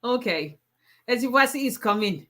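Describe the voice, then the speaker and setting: Woman attorney hosting a live stream, higher voice, bright and forceful, playful and teasing. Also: lively intonation, measured pace. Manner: playful, teasing, laughs often. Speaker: immigration attorney. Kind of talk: casual live-stream chat with viewers.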